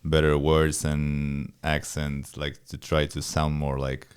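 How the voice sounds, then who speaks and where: A man's voice: a bass voice, completely flat delivery, takes it slowly, clear, resonant tone. A young man speaking English as a second language in casual chat, hesitant and searching for words. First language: not English. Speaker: podcast co-host.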